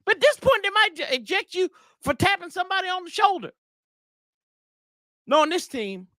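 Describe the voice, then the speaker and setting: A sports show host with a notably high, bright voice goes on a casual rant, rambling and exasperated, tossing slangy asides to his viewers. His pitch swings widely in a sing-song way at a normal speed. The sound is dry, close, and echo-free.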